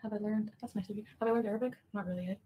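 A woman's voice: medium pitch, steady tone, very fast, warm tone, slight background noise. A woman from Ottawa chatting casually on a livestream, giggling and answering viewer comments. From Ottawa, Canada.

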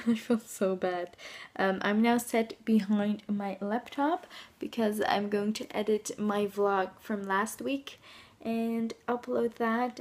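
A woman's voice: mid-range voice, a little mellow. Chatty young Dutch woman vlogging. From Netherlands. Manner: rambling and chatty, laughs often, many fillers. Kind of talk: casual vlog chat. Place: her bedroom at home.

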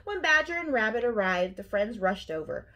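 A middle-aged woman, a school principal, reading a picture book aloud to children with expressive storytelling. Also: on the high side, normal speed, highs cut off.

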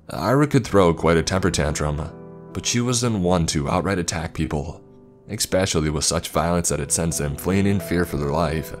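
A man narrating a horror story in a measured, ominous scripted delivery. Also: low voice. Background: faint background music.

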